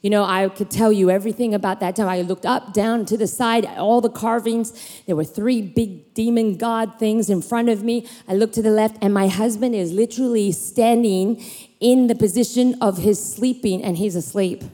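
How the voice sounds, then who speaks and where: A woman preacher in her thirties telling personal stories in an animated sermon, acting out voices and leaping in pitch. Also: moderate pace. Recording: long hall reverb.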